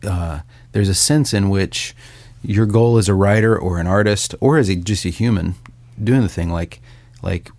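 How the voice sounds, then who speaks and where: A man, a songwriter and author, talking casually and thoughtfully, with pauses and easy laughter. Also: low voice, a little mellow, no room sound. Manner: reflective, hesitant, laughs easily. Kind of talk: casual conversation.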